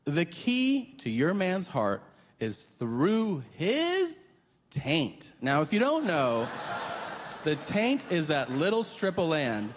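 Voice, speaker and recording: Animated male stand-up comic on stage. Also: on the high side, slow pace. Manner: animated, profane, mimics voices in quotes. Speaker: stand-up comedian. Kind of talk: stand-up storytelling. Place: large theater stage. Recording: roomy live theater with audience ambience.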